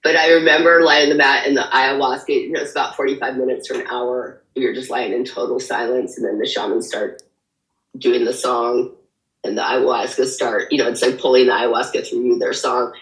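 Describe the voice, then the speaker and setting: A woman's voice: rumbling low, steady tone, fairly quick, a bit bright, echoey room, low-quality recording. A woman author candidly telling her personal story as an interview guest, rambling with many fillers. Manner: rambling, frequent fillers, emotional retelling.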